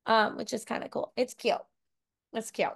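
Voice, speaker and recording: A woman's voice: a little high, flat delivery, moderate pace, gravelly, husky. A woman co-hosting a book podcast from home, chatting casually with many fillers and asides. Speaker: podcast co-host. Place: home room with bookshelves.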